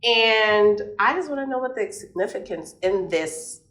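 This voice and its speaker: Relaxed, slangy woman co-host for a chat show, quick to laugh, recorded in a roomy space. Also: medium pitch. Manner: laid-back, slangy, laughs often. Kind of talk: casual podcast chat.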